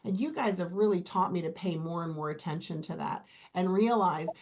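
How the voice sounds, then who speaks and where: Animated middle-aged woman telling her story. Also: lowish voice, fairly quick, muffled recording. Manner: animated storyteller, quotes her own thoughts, laughs easily. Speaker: program client, guest. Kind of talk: casual interview chat.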